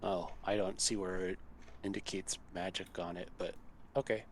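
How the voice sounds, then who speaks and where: A man's voice: deep voice, little pitch movement, normal speed. A man playing a tabletop game, flustered and muttering as he works through his turn. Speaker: player. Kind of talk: casual game chat. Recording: noisy background hiss.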